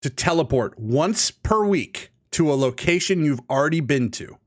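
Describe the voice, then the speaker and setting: A man's voice: on the high side, lively intonation, moderate pace. A young man co-hosting a podcast, joking around and asking playful questions in casual chat. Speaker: podcast co-host. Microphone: studio podcast mic.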